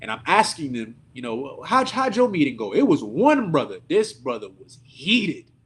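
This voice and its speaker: A man preaching at a service, telling a story in an animated, indignant, conversational way. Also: a little high, moderate pace, husky. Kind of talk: sermon storytelling.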